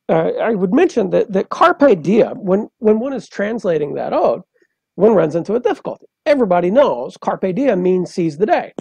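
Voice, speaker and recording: A man, a poet and translator, explaining in a measured, lecturing way on a podcast, with frequent hesitations. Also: high voice, vocal fry, mellow, husky, dry recording.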